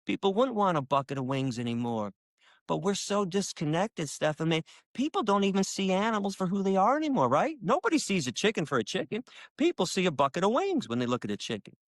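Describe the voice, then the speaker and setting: A man's voice: big pitch swings, a little fast, dry recording. Emphatic, impassioned man, dry sound. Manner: emphatic, acts out quoted dialogue with sharp jumps in pitch. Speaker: animal rights activist, interview guest. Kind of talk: impassioned conversational storytelling. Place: lives in Michigan.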